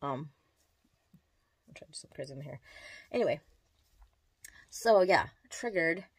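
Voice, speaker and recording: A woman with a low, husky voice chats to camera in a casual, confessional vlog. She rambles and drifts between thoughts while she does her makeup at the mirror. The sound is dry and close. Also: lively intonation, normal speed, no room sound. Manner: rambling, meandering, distracted while doing makeup. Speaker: vlogger. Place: at home in front of a mirror.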